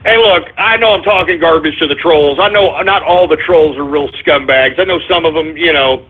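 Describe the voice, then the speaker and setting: A man's voice: a little high, normal speed, slightly rough. A man co-hosting a call-in radio talk show, ranting emphatically and repeating himself for emphasis. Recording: tinny phone line.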